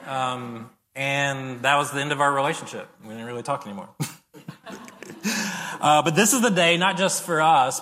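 Animated man preaching in a hall. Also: medium pitch. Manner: conversational, animated storytelling with acted-out reactions. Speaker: pastor. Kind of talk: sermon. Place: church sanctuary. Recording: long reverb of a large hall.

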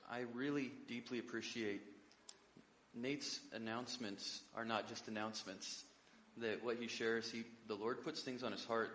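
A male pastor giving a conversational sermon, relaxed and rambling, with lots of fillers and self-corrections. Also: lowish voice, long reverb tail, slight background noise.

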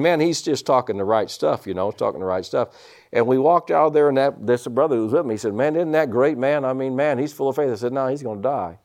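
A man preaching a sermon, telling personal stories and punctuating them with amens and hallelujahs. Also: mid-range voice. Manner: animated storytelling with frequent amens and hallelujahs.

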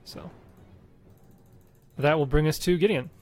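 A man acting as game master in an online tabletop game, calling turns and rolls in a brisk, procedural way. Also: fairly high pitch, darkish tone, soft background music. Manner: brisk, procedural, many short okays. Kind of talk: running a tabletop game over voice chat.

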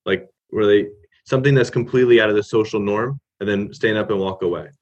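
A man with a fairly low voice chats as a guest in an easygoing way. He wanders off on tangents and keeps checking in with the listener. The sound is muffled and lo-fi. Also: fast talker. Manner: relaxed, drifts off on tangents, many "you know"s. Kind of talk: casual interview chat.

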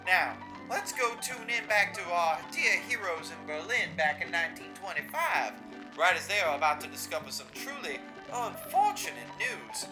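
A man putting on a high, chirpy showman accent. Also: big pitch swings, normal speed, few pauses, music in the background, low-quality recording. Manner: high, bouncy, feigning innocence. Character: cheery male showman in a put-on accent.

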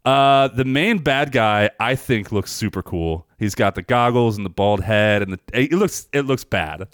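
A man's voice: on the low side, expressive, measured pace, clear, resonant tone, no room sound, clean studio sound. A man co-hosting a film podcast in casual chat, rambling, swearing freely and animatedly retelling scenes. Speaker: podcast co-host reviewing films.

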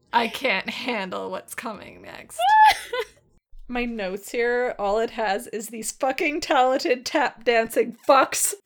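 A woman's voice: fairly high pitch, slow. A woman co-hosting a casual chat, giving amused commentary and laughing often. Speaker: podcast co-host.

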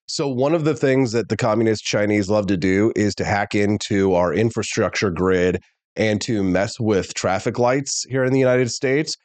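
A man's voice: fairly low pitch, normal speed, no room sound. Ranting male talk show host, dry sound. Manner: animated, ranting, talks straight to viewers. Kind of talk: opinionated political talk show monologue.

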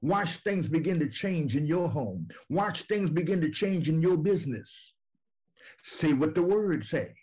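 A man's voice: on the high side, lively intonation, measured pace, darkish tone, breathy edge. A man preaching a sermon, with repetitive, emphatic phrasing and questions to his listeners.

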